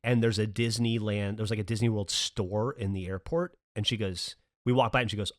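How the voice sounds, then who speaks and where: A man's voice: on the low side, a little fast, few pauses. A man in his forties, a podcast host, telling a long story in casual, profane chat and acting out the voices of the people in it. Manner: animated, profane storyteller who acts out his daughter's lines.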